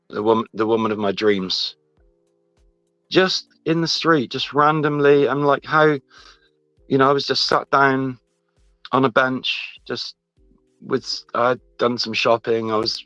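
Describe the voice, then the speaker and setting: A man telling a personal story in casual chat, halting and restarting often. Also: medium pitch, fairly bright tone, dry recording. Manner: rambling, halting, many restarts. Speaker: guest. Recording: dull lo-fi sound, faint music behind.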